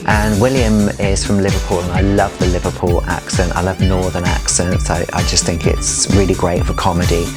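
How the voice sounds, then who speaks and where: Low-voiced man recalling his career. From England. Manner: candid, reflective storytelling. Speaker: drag performer. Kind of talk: documentary interview.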